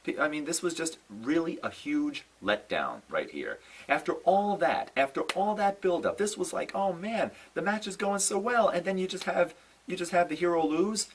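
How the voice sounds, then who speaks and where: A young wrestling fan vlogger rants casually to camera, exasperated and animated, sighing, repeating himself, saying "no" over and over and stressing his letdown. His voice is fairly high at normal speed, recorded roughly on a distant mic with slight background noise.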